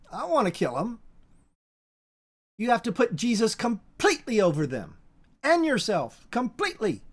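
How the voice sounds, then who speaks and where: An informal Bible teacher who talks in a halting, repetitive way, restarting words and circling back to drive each point home. The pitch sits in a middling range, neither high nor low.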